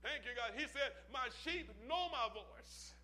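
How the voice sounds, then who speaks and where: Preacher guy with a really high sharp voice, sermon, repeats lines in a rolling rhythm and throws questions at the crowd. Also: expressive, a little slow. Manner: rhythmic, repetitive preaching cadence; calls out questions to the congregation.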